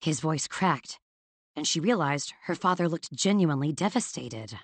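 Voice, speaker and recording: A woman narrating a fantasy audiobook in a measured, dramatic storytelling manner. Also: sits low, lively intonation, dry recording.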